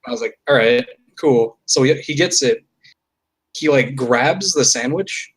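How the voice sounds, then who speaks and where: A young man co-hosting a podcast, telling a work story in a deadpan, casual way, with some swearing. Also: mid-range voice, measured pace, breathy edge, poor audio. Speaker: podcast co-host. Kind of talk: casual chat.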